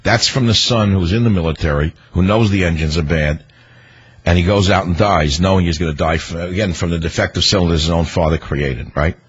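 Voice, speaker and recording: Indignant, husky radio talk host. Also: male voice, deep voice, a little fast. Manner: indignant, rhetorical, hammering repetition. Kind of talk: political radio commentary. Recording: dull lo-fi radio broadcast.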